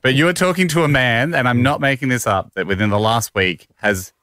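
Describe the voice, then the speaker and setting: A man's voice: medium pitch, a little fast, bright, forceful tone, no echo, studio quality. A man, co-hosting a radio show with jokes and rambling stories. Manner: joking, storytelling. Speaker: radio host. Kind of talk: casual comedic banter.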